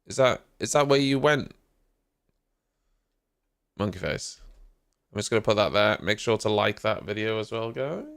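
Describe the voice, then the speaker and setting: A man's voice: on the low side, moderate pace, creaky, pauses often, fairly bright tone, clean tone. A man hosting a live stream early in the morning, still half asleep, drowsily chatting with viewers and greeting them by name. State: sleepy, just woken up. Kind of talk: casual live reaction chat.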